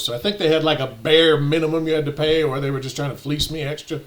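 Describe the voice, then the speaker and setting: A man with a slightly high voice tells a personal story in a casual, offhand way. He grows indignant and animated as he replays arguments. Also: quick pace, hardly any pauses. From United States. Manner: indignant, animated retelling with quoted exchanges. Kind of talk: casual anecdote telling.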